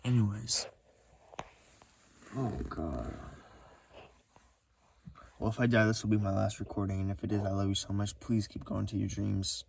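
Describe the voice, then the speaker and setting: Male vlogger, weary and short of breath, low and gravelly, halting speech with many restarts. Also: little pitch movement, darkish tone, far from the mic, slight background noise. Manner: halting, full of restarts and repeats. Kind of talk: rambling recorded monologue.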